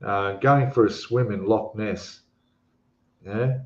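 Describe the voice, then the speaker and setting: A slow-paced Australian man with a lowish, darkish voice hosts a live stream, chatting loosely and reading viewer comments. He meanders with many fillers and false starts, and the audio is echoey and dull, with a lo-fi feel.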